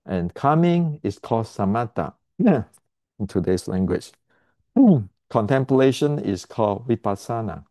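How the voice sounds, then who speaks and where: Blunt, low-voiced man teaching. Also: lively intonation, takes it slowly, warm tone, no room sound. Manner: blunt, repetitive, emphatic; clears throat often. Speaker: martial arts teacher. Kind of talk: explanatory lesson to camera.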